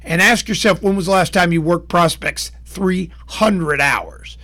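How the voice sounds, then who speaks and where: Speaking to camera in a high, sharp voice and an unhurried pace, a man teaches sales as a trainer. His folksy, plain-spoken lesson walks through steps and acts out brief exchanges.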